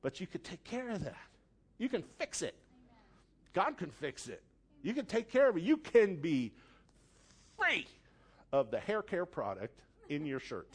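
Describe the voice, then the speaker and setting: A man with a notably high voice preaches a sermon in a church. He is animated, switching into quick acted-out voices and sudden squeals to make his points. His delivery swings between loud and hushed. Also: husky. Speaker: pastor.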